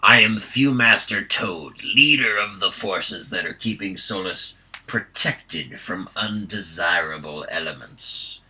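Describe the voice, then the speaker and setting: A man's voice: low-pitched, sharp tone, slightly rough, full character voice, poor audio. Man voicing Viewmaster Toad, a sneering hobgoblin. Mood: pompous. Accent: thick accent. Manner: slow, pompous, commanding. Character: fat sneering hobgoblin captain, male, pompous.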